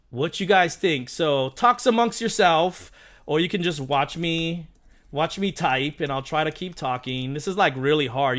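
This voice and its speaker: On a casual live stream, a man around his thirties chats eagerly with his audience, rambling and restarting again and again. His pitch sits on the high side.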